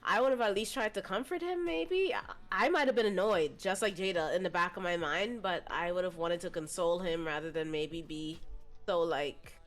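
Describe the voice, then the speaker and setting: A woman's voice: lowish voice, normal speed, faint music behind. A young woman as a podcast guest in casual chat, frank and thoughtful as she gives her views. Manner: frank, thoughtful, candid opinions.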